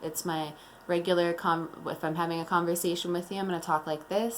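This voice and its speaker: A woman teacher leading a morning meeting lesson, explaining slowly and calmly to young children. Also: lowish voice, a little hiss or hum. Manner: slow, calm and deliberate, explaining to young children.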